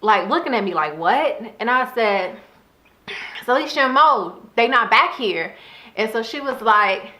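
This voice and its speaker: A young woman telling a casual storytime vlog, animated and often breaking into laughter as she talks. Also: a little high, measured pace, roomy sound. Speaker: vlogger.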